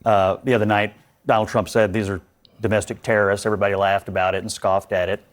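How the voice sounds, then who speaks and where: A man on a TV news panel, arguing forcefully and indignantly. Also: lowish voice, little pitch movement, quick pace. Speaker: panel guest. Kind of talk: heated TV panel debate.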